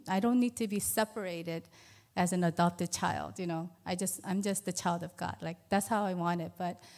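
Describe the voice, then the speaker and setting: In church, a woman in her fifties gives an earnest, conversational testimony about being an adoptive mother, using plenty of fillers. She has a mid-range voice with a slightly mellow quality.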